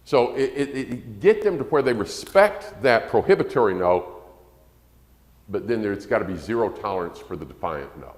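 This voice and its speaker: A man preaching a sermon on parenting in a folksy way, acting out quoted parents in a shrill voice. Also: lively intonation, moderate pace. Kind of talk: sermon lesson to a congregation. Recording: echoey church hall.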